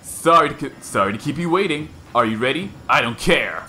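Villain read: man doing a sneering ghost king, melodramatic, lively swings in pitch. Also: fairly quick, soft background music. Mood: taunting. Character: gloating male ghost king villain, theatrical. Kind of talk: reading game dialogue aloud.

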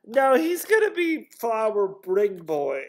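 A man scratching lottery tickets at home, chatting casually and dissolving into giggles. His voice sits fairly high and swings widely in pitch. He talks at an unhurried, slow pace. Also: wildly swooping pitch. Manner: giggly, keeps breaking into helpless laughter.

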